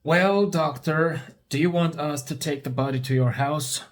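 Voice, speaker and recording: A man's voice: a little high, a little slow, close to an everyday voice. A man voicing an adult male grave robber in a storybook reading, insisting on more money. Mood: demanding.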